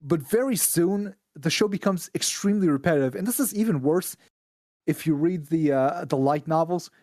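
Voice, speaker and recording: A man's voice: fairly high pitch, normal speed, a little mellow, no echo, clean studio sound. A man from Israel, a podcast guest, ranting bluntly and profanely in casual chat.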